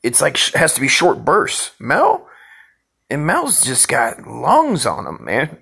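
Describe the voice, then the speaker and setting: A man's voice: mid-range voice, measured pace, creaky, husky. A man hosting a stream, reacting to a clip with loose, profane commentary. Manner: loose, profane, animated, laughing asides.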